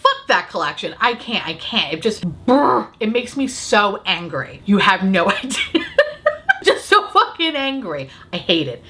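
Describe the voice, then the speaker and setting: A woman beauty vlogger ranting casually to camera, swearing a lot, sarcastic and quick to laugh. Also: medium pitch, big pitch swings, background noise. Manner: profane, sarcastic, laughing often.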